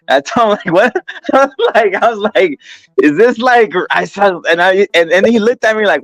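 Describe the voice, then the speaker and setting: A man's voice: on the high side, lively intonation, brisk, fairly bright tone, dry recording, soft background music, poor audio. A man hosting a podcast, telling a story in a rambling, profane, casual way with lots of laughter. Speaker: podcast host.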